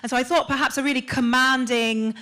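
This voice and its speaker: Excited stage performer from New York. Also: female voice, high voice, poor audio. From Queens, New York. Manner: excited, animated, quick asides. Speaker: actor and performer. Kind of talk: stage remarks to an audience. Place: stage at a town hall event.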